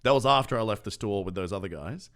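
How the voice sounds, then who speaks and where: A man with a lowish voice tells a story on a podcast. He talks in a relaxed, chatty way and keeps jumping into the voices of the people he met. It is an easygoing co-host chat. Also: quick pace. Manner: animated storyteller who acts out other people's lines.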